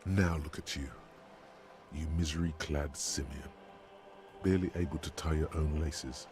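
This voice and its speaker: A man's voice: a bass voice, fairly even intonation, unhurried, darkish tone, faint music behind. An actor playing a wry, mocking male narrator in a video game, describing scenes in a dry, sardonic way.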